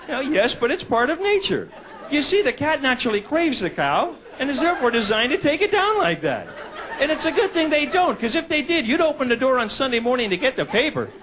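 A man doing a stand-up routine on a club stage, animated and jumping into voices. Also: extremely high pitch, fairly quick, crowd noise. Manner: animated, jumps into put-on voices. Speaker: stand-up comedian. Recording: noisy club recording with audience.

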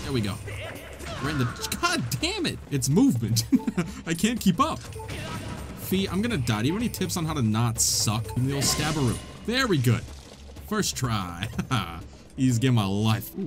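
A man narrates his gameplay in a wisecracking let's-play style, laughing often. His voice swings high and low with lively pitch. Soft game music plays underneath. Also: moderate pace. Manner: jokey, wisecracking, laughs a lot. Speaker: gaming channel host.

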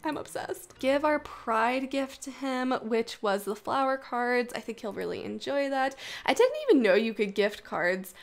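A young woman hosting casual gameplay commentary, gushing and excitable with frequent gasps. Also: on the high side, a little slow, creaky, hardly any pauses. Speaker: gaming channel host.

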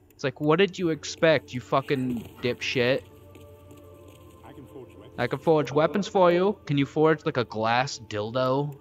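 A man's voice: mid-range voice, expressive, measured pace, faint music behind. A man giving casual let's-play commentary, crude and profane, joking and talking back at the game as he plays. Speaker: gameplay streamer.

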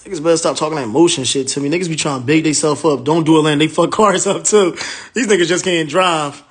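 A brash man rambles through a casual livestream on his phone. His talk is loose and profane, in a slightly high voice. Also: quick pace. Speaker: livestream host, rental car business owner.

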